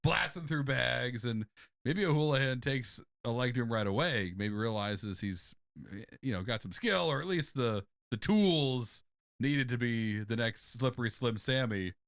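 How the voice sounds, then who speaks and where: A man's voice: medium pitch, animated, a little slow, gravelly, a bit bright, no room sound. A man co-hosting a comedy podcast, brainstorming in a giggly, rambling, enthusiastic way. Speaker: podcast co-host.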